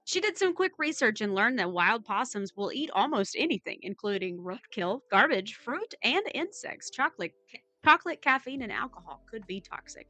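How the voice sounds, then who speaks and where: Bright-voiced woman reading news aloud. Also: a little high, big pitch swings, moderate pace, no room sound. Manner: wry asides while reading. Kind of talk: casual chat, reading a news story aloud.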